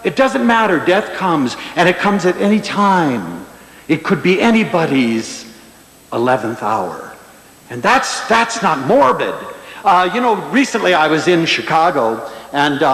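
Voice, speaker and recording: A man giving a humorous public lecture, telling stories in an animated, playful way. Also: a little high, measured pace. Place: large lecture hall before an audience. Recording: echoey lecture hall.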